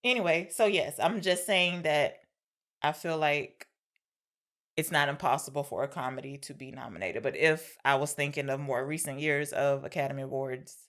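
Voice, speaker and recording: Low-voiced woman chatting about films. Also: moderate pace, a bit bright. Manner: chatty, explains the show's segments, argues playfully. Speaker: podcast co-host. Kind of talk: casual film-review chat.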